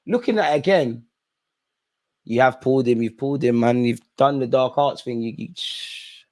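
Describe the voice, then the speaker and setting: A young man with a medium-pitched, darkish voice at normal speed hosts a live football watch-along. He reacts in exasperation, aiming his remarks straight at the players and the ref.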